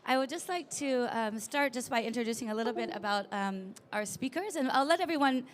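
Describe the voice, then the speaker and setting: A woman's voice: a little high, fairly quick, slight background noise. A woman moderating a conference panel, introducing speakers with many ums and uhs. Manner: friendly, lots of um and uh fillers.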